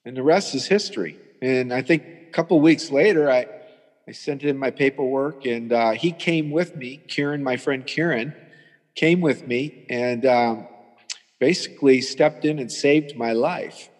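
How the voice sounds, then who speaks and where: A man in his sixties telling his story as a patient guest in a halting, rambling way, often restarting. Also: medium pitch, long reverb tail. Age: 60s. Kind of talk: conversational storytelling.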